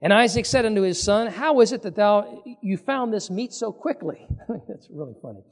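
Animated high-pitched male preacher. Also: moderate pace, long reverb tail. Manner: animated, acts out quoted speakers with voice changes. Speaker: pastor. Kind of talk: sermon reading and explaining scripture.

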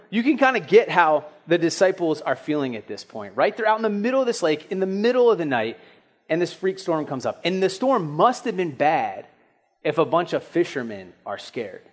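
Animated casual young male preacher. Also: sits high. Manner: casual storytelling with animated acted-out asides. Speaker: pastor. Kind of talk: sermon.

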